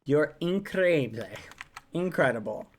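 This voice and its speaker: Female streamer, affectionate, unhurried delivery. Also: low-pitched, expressive, slight background noise. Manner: soft, affectionate, laughs often. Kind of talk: reading fan messages aloud on a livestream.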